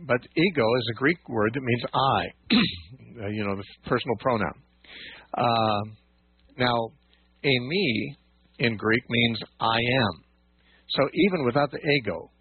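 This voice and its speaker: A man with a husky voice teaches scripture on a call-in radio program, unpacking points patiently and restarting his sentences. The sound is dry and narrow, like a phone line. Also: medium pitch, no room sound. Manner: patient, explanatory, many fillers and restarts.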